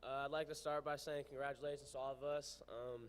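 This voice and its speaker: A man's voice: medium pitch, level tone, a little fast, slight background noise. Emotional teenage boy thanking family. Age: teens. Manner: emotional, grateful. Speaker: student athlete. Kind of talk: thank-you speech.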